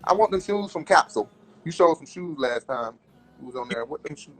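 A man's voice: fairly high pitch, lively intonation, brisk, fairly bright tone, faint music behind. Playful man hosting a livestream chat. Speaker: host.

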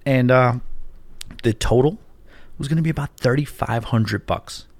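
A man's voice: medium pitch, unhurried, no room sound. A man hosting a podcast from his home studio, telling a story in a chatty, rambling, self-deprecating way. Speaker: podcast host. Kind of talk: casual solo podcast chat. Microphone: studio mic.

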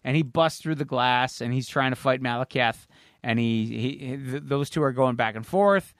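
A man's voice: medium pitch, normal speed, no room sound. Man, podcast co-host, rambling story recap, fillers, swearing, dry close sound. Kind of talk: casual chat.

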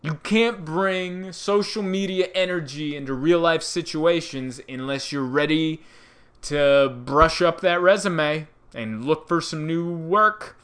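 A man doing a stand-up comedy bit, animated storytelling that acts out the people in it. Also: fairly high pitch, slow pace, clean tone. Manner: animated storytelling, acting out characters.

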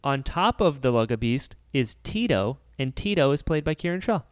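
A man co-hosting a podcast, telling stories in a relaxed, conversational way. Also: mid-range voice, moderate pace, dry recording, clean studio sound. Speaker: podcast co-host. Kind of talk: casual chat.

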